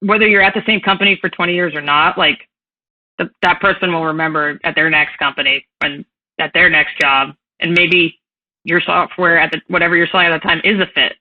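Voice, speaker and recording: A woman's voice: on the low side, steady tone, fairly quick, narrow, tinny audio. Frank chatty woman with a Boston accent. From Massachusetts. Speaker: guest, former coach turned salesperson. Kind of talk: casual podcast interview.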